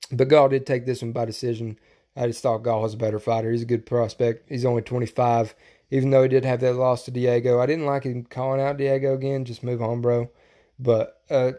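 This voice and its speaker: A man's voice: mid-range voice, mellow. A young man hosting a casual fight podcast, ranting with lots of profanity and getting worked up. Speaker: podcast host. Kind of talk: casual MMA podcast commentary.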